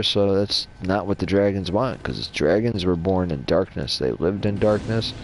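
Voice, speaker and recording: A man's voice: sits low, darkish tone, slight background noise. A man casually rambling and swearing as he talks through game lore over his gameplay. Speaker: gaming channel host.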